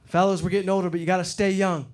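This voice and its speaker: A middle-aged man from Detroit doing a stand-up comedy set on stage, getting loud and animated when he acts out other people. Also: high voice, racing. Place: comedy stage before a live audience. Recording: live show with loud crowd laughter. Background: crowd laughing.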